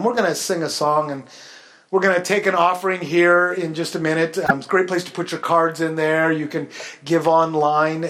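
A male pastor delivering a sermon with a notably high voice. He moves from loud, lively stretches into soft, hushed prayerful ones. He talks in a friendly, storytelling way to a church. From Pacific Northwest, United States.

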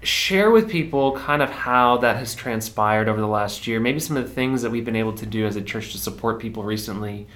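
Very low-voiced podcast host. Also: female voice, a little fast, few pauses. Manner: interviewer prompting with questions. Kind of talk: casual podcast conversation.

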